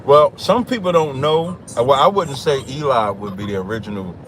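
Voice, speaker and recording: A man's voice: medium pitch, moderate pace, slight background noise. A man hosting a call-in livestream, reading scripture aloud and talking over interrupting callers. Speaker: livestream host.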